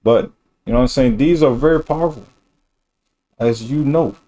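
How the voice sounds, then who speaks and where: A man's voice: mid-range voice, moderate pace, warm tone. A male streamer talking in a rambling, slangy and blunt way during a casual reaction stream.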